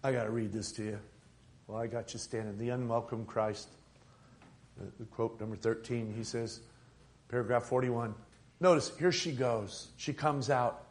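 A man preaching a fervent sermon at a church service, building from quiet stretches up to near-shouting passion. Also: medium pitch, fairly even intonation, moderate pace, a little hiss or hum.

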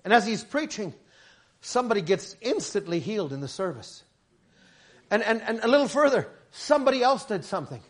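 High-voiced stammering male preacher. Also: big pitch swings, brisk. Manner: stammering restarts, rising to shouts. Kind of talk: sermon.

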